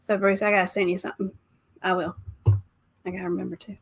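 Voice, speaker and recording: A woman with a Southern US accent, co-hosting a casual live travel stream, chatty and quick to laugh as she greets viewers by name. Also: lowish voice, level tone, slightly rough. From American South. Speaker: travel show co-host.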